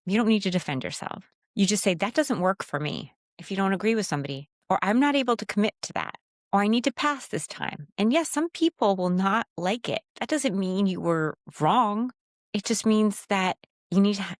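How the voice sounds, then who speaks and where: Direct woman speaker, lowish voice. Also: dry recording, studio quality. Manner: direct, emphatic, acts out timid phrasings in a raised voice. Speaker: Christian speaker and coach. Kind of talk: teaching monologue on speaking with authority.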